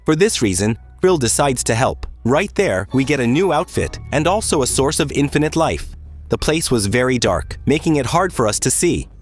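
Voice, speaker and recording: A man recaps a video game's story in a casual, animated way, swinging his pitch around and throwing in offhand asides. Faint music plays quietly behind his voice. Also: normal speed. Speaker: gaming YouTuber. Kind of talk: let's-play story narration.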